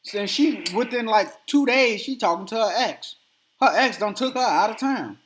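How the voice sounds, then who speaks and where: A man hosting a podcast, telling a story in casual chat and acting out the quotes with animated energy. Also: high-pitched, normal speed, slight background noise. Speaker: podcast host.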